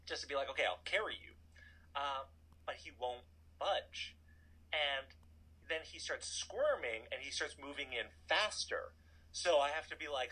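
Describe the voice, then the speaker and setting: A man in his thirties telling a personal story in a casual, animated way, full of "like" and asides. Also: mid-range voice, moderate pace, breathy edge, rough recording. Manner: animated, chatty, filler-heavy "like". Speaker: storytelling guest.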